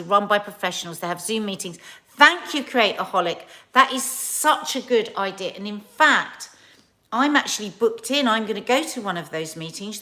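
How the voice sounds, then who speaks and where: A woman's voice: mid-range voice, sharp tone. A woman in her forties chatting casually on a livestream, rambling and reading viewers' comments as host. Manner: chatty, rambling, with fillers and laughs.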